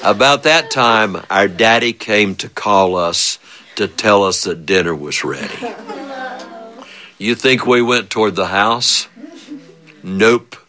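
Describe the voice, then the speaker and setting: A man telling a funny childhood story, animated and chuckling often, with big swings of voice. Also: fairly low pitch, takes it slowly, pauses often. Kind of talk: spoken storytelling.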